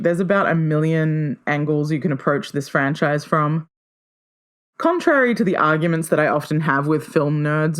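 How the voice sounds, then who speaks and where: A woman hosts her own podcast solo, sounding playful and enthusiastic. Her pitch often jumps up with excitement.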